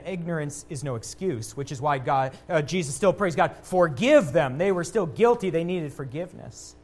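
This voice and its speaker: Preaching with earnest conviction, a pastor gets louder on quotations, then drops his voice low and quiet to land the key points.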